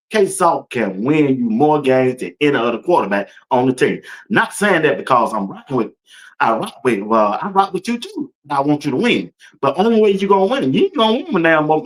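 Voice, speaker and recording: A man hosting a casual sports talk stream, speaking loosely and colloquially, laughing often and talking straight to his viewers. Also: mid-range voice. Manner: addresses viewers and chat directly. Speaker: sports talk show host. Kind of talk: casual sports commentary livestream.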